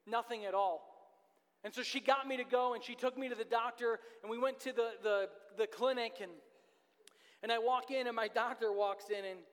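A man's voice: very high-pitched, fairly even intonation, normal speed, clean tone, long reverb tail. A man in his thirties preaching a sermon as pastor, earnest and repeating his key phrases for emphasis. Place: church sanctuary.

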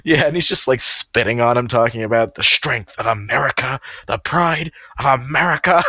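A man's voice: mid-range voice, normal speed, pushed and bright, slightly rough, no echo. A man co-hosting a casual podcast chat, rambling with lots of fillers and frequent laughs. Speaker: podcast co-host.

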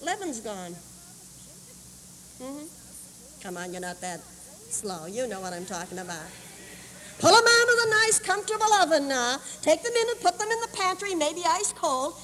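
A woman preacher telling a sermon story, animated and acting out voices, on an old camp meeting tape. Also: high voice, normal speed, long pauses, a little hiss or hum. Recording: 1981 camp meeting tape, roomy hall.

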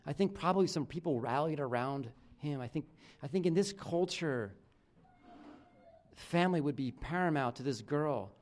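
A man preaching a sermon as pastor, talking casually with restarts, his phrases often dropping low and quiet at the end. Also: expressive, normal speed.

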